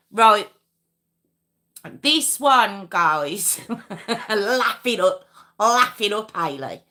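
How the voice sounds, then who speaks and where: A woman's voice: mid-range voice, sharp tone. A woman hosting a live true crime stream, chatting casually with viewers, giggling and reading out their comments. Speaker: true crime livestream host.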